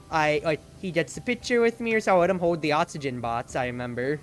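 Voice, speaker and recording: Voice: mid-range voice, lively intonation, quick pace, few pauses. Rambling streamer with faint music behind. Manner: rambling storytelling, heavy use of "like". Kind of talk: casual stream chat while playing.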